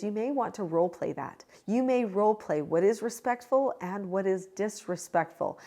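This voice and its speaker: Calm, measured woman giving parenting advice. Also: mid-range voice. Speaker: parenting educator and channel host. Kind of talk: direct-to-camera advice talk.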